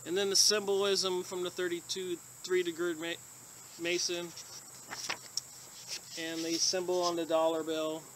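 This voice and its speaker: A man's voice: sits high, level tone, unhurried, pauses often, background noise. A man telling a rambling, earnest story in a casual monologue, then reading aloud from a book he is reviewing.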